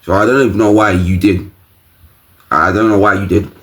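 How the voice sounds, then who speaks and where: A man's voice: deep voice, fairly even intonation, normal speed, a bit bright, a little hiss or hum. A man reacting to a video, exclaiming and laughing in casual commentary.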